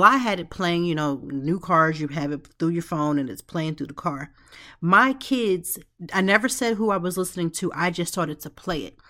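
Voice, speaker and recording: Low-voiced woman, heartfelt podcast talk. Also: a bit bright. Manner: heartfelt, conversational, with frequent "like" and "you know". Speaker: podcast host. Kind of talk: reflective podcast monologue. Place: home office.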